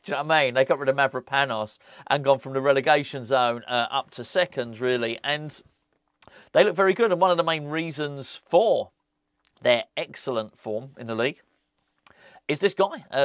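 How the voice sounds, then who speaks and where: A man's voice: fairly high pitch, fairly bright tone, dry recording, clean studio sound. Chatty man with a rambling vlog delivery. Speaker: football fan vlogger. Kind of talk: casual chat to camera.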